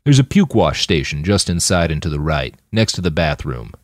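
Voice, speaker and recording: A male narrator voicing a loud, boisterous chromed warrior. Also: very deep voice, very animated, moderate pace, dry recording, clean studio sound. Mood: rowdy.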